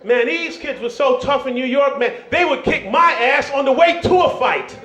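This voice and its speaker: A man's voice: extremely high pitch, moderate pace, a bit bright. A Jamaican-born man doing a stand-up set on a club stage, loose and chatty, peppering lines with "man" and "you know". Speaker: stand-up comedian. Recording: roomy dull club recording.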